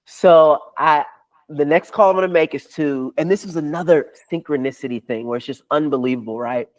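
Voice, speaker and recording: A man, a podcast guest, telling a long story with excitement and acting out other people's lines as he goes. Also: a little high. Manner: swears freely. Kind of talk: animated storytelling.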